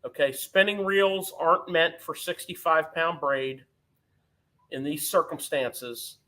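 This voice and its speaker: Casual male shop host, high bright voice, hands-on gear talk. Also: fairly even intonation, slow. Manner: talkative, explains gear hands-on. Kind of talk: casual live-stream chat. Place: tackle shop.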